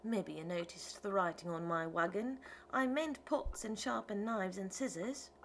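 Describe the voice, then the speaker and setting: A woman's voice: mid-range voice, unhurried, a bit bright, a little hiss or hum. A woman reading an audiobook, voicing a wandering male tinker who talks in a rustic, ungrammatical, wheedling way. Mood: persuasive. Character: folksy wandering male tinker, pleading salesman.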